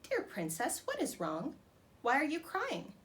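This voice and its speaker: A small, polite frog coaxes softly but keeps insisting, read by a woman. The lines rise and fall in a lively storybook voice. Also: high voice, measured pace, voice pushed up, heavily acted. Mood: coaxing.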